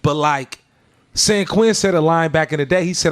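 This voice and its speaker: A man from San Francisco talks casually on a podcast, easygoing and full of slang. His voice sits a little high for a man. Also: moderate pace, clean tone. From San Francisco, California. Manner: laid-back, slangy storytelling. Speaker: guest, mixtape host and former hype man.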